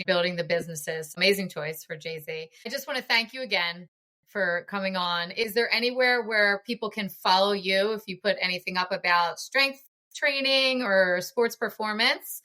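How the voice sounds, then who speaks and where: A woman's voice: medium pitch, pushed and bright. A woman in her forties hosting a podcast interview, talking in an effusive, chatty way full of praise. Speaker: podcast host. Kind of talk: casual interview chat.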